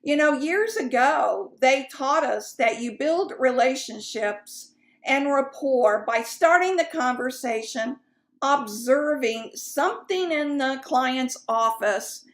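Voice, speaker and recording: A woman's voice: sits high, expressive, slow. A woman sales coach teaching in a chatty, candid way, with fillers and asides. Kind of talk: casual teaching talk.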